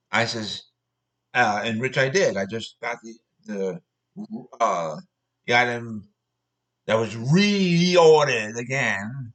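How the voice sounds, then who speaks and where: A man's voice: mid-range voice, animated, slow, fairly bright tone, rough recording. A man telling a personal story as an angry, profane rant, repeating himself.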